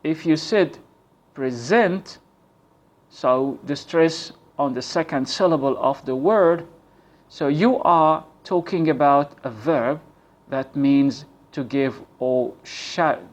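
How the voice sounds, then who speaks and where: A man teaches English pronunciation at an unhurried, careful pace. His voice sits somewhat high for a man. He repeats key points and sounds out example words slowly. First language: Arabic. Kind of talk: slow, deliberate pronunciation lesson.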